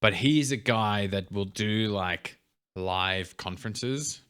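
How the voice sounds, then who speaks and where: Lowish bright-toned young man chatting. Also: takes it slowly, clear, resonant tone. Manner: relaxed, short reactions, explains in loose run-on sentences. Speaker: podcast co-host. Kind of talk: casual chat.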